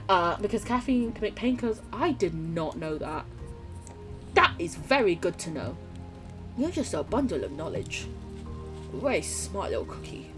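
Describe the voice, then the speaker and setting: A young woman from the United Kingdom streams a game, chatting casually with viewers and reading chat as she plays. Her medium-pitched voice swings widely at a normal speed over background music, and she swears freely and laughs often.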